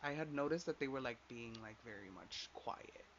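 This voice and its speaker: A man's voice: mid-range voice, lively intonation, normal speed, a bit bright. A young man telling a personal story in a casual rant, rambling with lots of filler and swearing as he quotes others. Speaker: podcast host. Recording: dull lo-fi sound with faint background noise.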